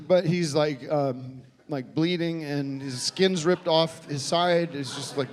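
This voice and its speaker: An American man doing a stand-up comedy set on a theater stage, talking in a halting, deadpan way full of restarts. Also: fairly high pitch. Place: theater stage before a live audience. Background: audience laughter.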